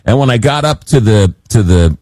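Lively-voiced male radio host. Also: lowish voice, normal speed, no echo. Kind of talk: casual radio interview chat.

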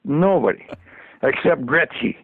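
A man's voice: a little high, lively intonation, unhurried, slightly rough, no room sound. An older man, a former hockey trainer, telling a story as a guest, often chuckling and repeating words. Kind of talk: casual storytelling. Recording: tinny phone line, dry.

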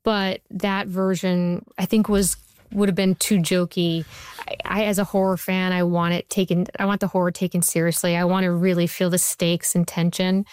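A woman in her forties, a TV writer, answering interview questions with animated storytelling. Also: on the low side, normal speed, clean tone, no room sound. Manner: animated, acts out quotes while telling a story. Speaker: TV writer and showrunner.

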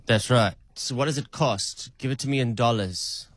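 A man's voice: mid-range voice, moderate pace, no echo. Playful man quizzing an AI. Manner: playful, probing questions. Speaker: caller testing an AI.

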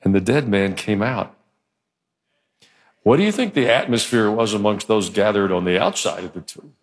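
A man's voice: fairly low pitch, animated, normal speed. A male pastor preaching a sermon in church, in a conversational, joking manner. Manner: conversational and joking, acts out quotes.

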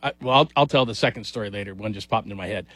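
A man's voice: fairly low pitch, rapid-fire, fairly bright tone, dry recording. A middle-aged man hosting a casual sports talk radio show, rambling and self-deprecating and laughing often. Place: radio studio.

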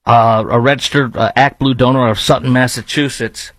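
A man's voice: mid-range voice, fairly even intonation, normal speed, fairly bright tone, no room sound, low-quality recording. Brief: Chicago-accented man, host, scornful rant, dry close sound. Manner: blunt, scornful, rambling with fillers. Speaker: commentary host. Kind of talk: ranting opinion commentary.

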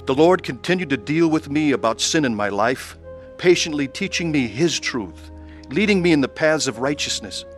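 A man's voice: on the high side, expressive, normal speed, soft background music. A man giving an earnest, scripted testimony about his faith, with acted scenes. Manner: earnest, pleading. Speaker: testimony narrator.

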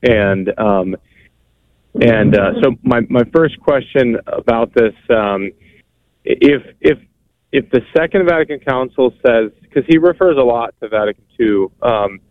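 A man calling in to a radio show, asking his question hesitantly with many pauses. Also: medium pitch, dry recording. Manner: hesitant, many ums and restarts. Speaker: caller. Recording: tinny phone line.

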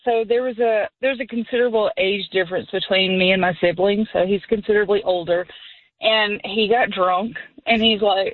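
A woman's voice: mid-range voice, steady tone, normal speed, dry recording, phone-quality sound. A middle-aged woman calling in to a radio show, telling a story with lots of laughter. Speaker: caller. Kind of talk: casual storytelling on a call-in show.

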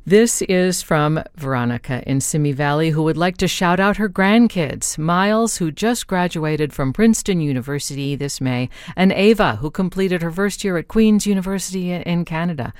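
A classical radio host introducing music and listener shout-outs in a brisk, friendly, chatty way from a studio. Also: mid-range voice, clear, resonant tone, dry recording. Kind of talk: casual radio hosting.

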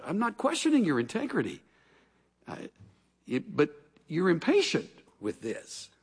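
Man, pastor, sermon, lively pitch swings, long hall reverb. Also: breathy edge. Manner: animated storytelling, acts out scripture voices.

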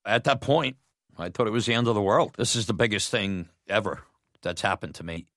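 Deep-voiced man telling his story. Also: brisk, no echo, clean studio sound. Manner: animated, laughs often, quotes others in voices. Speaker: storyteller, former batboy. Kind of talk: personal storytelling. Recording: music bed under voice.

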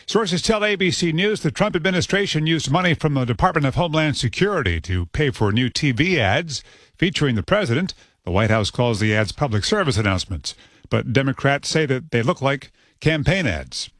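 A male network news anchor reading a radio newscast with a crisp, measured delivery. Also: medium pitch, lively intonation, a bit bright, no room sound, studio quality.

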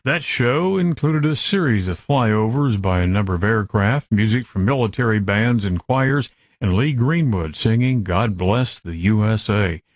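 A man reading radio news in a steady, formal way. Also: on the low side, measured pace, no echo. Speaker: newscaster.

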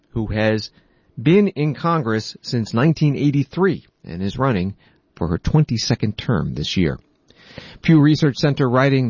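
A man anchoring the news, reading scripted narration in a measured, even way. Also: fairly low pitch, dry recording, highs cut off.

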